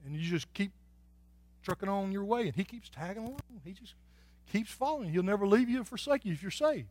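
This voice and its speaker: Male pastor, high-pitched, folksy preaching from hushed to shouting. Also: lively intonation, brisk. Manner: folksy, swings from soft and low to loud and shouting. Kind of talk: sermon.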